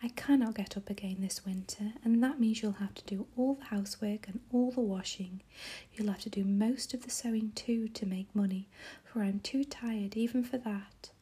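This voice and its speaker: Woman whispering a sick tired mother, tearful, whispered role-play, mellow, very breathy. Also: medium pitch, normal speed. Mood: weary. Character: ill, weary mother in bed.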